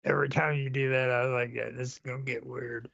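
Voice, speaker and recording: A man chatting casually on a podcast, talking hesitantly with many pauses and fillers. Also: mid-range voice, flat delivery, gravelly, fairly bright tone, no echo. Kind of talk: casual chat. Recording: dull lo-fi sound with faint guitar.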